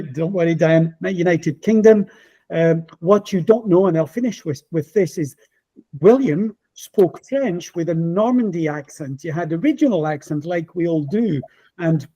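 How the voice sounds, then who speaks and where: A man's voice: sits high, dark tone, poor audio. A man presenting his book to teachers in an online talk, speaking with passion and enthusiasm.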